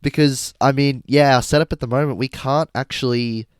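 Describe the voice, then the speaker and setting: A young man with a mid-range voice trades jokes in lively podcast banter. The sound is dry and close to the mic. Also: mid-range voice, moderate pace, clean tone, dry recording. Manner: joking, animated banter. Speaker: podcast co-host. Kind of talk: casual chat.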